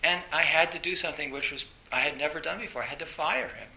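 Gravelly, bright-voiced man telling stories. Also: on the high side, quick pace. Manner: animated storytelling, laughs often, many fillers. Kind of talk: storytelling dharma talk. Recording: roomy echo with faint hiss.

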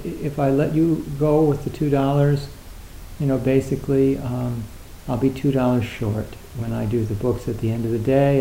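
Guy rambling thoughtfully about zen, um-ing a lot, super dark mellow tone, roomy echo. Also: medium pitch, slight background noise. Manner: hesitant, many fillers and restarts, acts out little dialogues. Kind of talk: reflective casual talk.

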